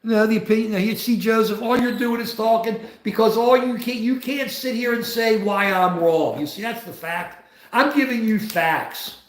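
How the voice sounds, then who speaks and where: In a roomy-sounding space, a man in his seventies with a high-sitting voice hosts a casual livestream at a moderate pace. He rambles, argues, and speaks straight to the people in his chat.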